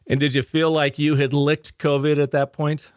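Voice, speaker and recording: A man's voice: on the high side, little pitch movement, moderate pace, smooth, no echo, studio quality. A man hosting a podcast, interviewing a guest in a conversational way and leading with guiding questions. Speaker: podcast host.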